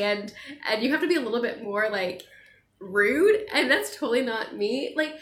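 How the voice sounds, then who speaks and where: Young woman, travel vlogger, chatty and animated, higher voice, echoey room. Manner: chatty, animated, quick laughs. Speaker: travel vlogger answering viewer questions. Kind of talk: casual chat.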